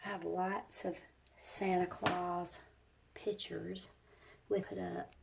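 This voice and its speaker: A woman's voice: lowish voice, level tone, takes it slowly, vocal fry, slight background noise. A woman in her forties with a stuffy head cold, chatting casually as she shows her home and rambles with a few ums. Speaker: homeschooling mom vlogger. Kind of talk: casual home-tour chat. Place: her own house, indoors.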